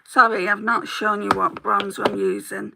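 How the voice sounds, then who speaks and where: A woman's voice: mid-range voice, very animated, normal speed, vocal fry, background noise. A woman beauty YouTuber chatting casually while doing her makeup, rambling and laughing easily as she talks.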